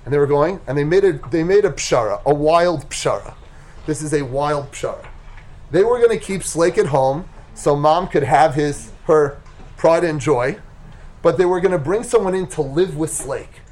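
A man teaching a Torah class, retelling a story with animated, emphatic delivery. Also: on the high side, normal speed.

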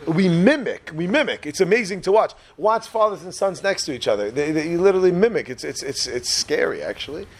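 This Israeli man teaches a casual, humorous Torah class and keeps asking his listeners questions. His voice is fairly high and animated, fairly quick, with hardly any pauses.

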